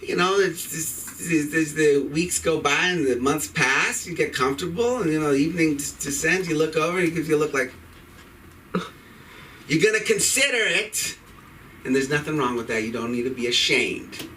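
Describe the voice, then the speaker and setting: A man's voice: fairly high pitch, normal speed, sharp tone, far from the mic, a little hiss or hum, rough recording. A man doing a rambling, irreverent stand-up set at an open mic, cursing freely. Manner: rambling, irreverent, profane delivery. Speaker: stand-up comedian. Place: comedy club stage.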